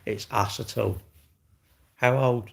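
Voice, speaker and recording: Gravelly sixties man chatting on stream. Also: mid-range voice, fairly even intonation, slow, a bit bright. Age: 60s. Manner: rambling, chatty, ends lines with tag questions. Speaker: live streamer. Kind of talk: casual chat answering viewer comments.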